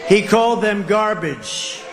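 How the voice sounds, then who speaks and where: A man delivers a rally speech in a fairly high voice, rambling and repeating himself as he mocks opponents. The clip is noisy, with rally ambience all around him. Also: animated, slow, over a noisy crowd. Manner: rambling, repetitive, mocking. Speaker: politician speaking at a rally. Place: outdoor rally stage.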